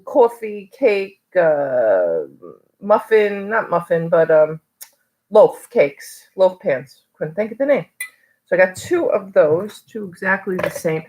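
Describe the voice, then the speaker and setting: A middle-aged woman from New York talking casually in a haul video, rambling with lots of fillers. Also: medium pitch. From Long Island, New York. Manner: chatty, rambling with many fillers. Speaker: reseller vlogger.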